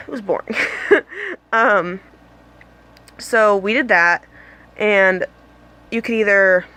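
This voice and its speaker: A woman's voice: medium pitch, slow, long pauses, bright, forceful tone. Giggly, rambling young woman vlogger. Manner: bubbly, rambling, giggly, lots of "like" and "um". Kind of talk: casual storytelling vlog. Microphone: phone camera.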